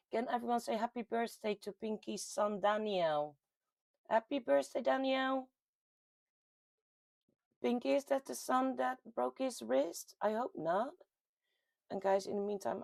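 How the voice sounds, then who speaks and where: Her voice sits at medium pitch with vocal fry and a darkish tone, recorded without echo. She's a Dutch-accented woman from the Netherlands running a chatty live chat from home, laughing a lot while reading viewer comments aloud.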